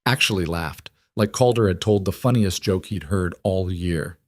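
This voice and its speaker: A man narrating a western story in a measured, grave storytelling manner. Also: low voice, no echo, clean studio sound.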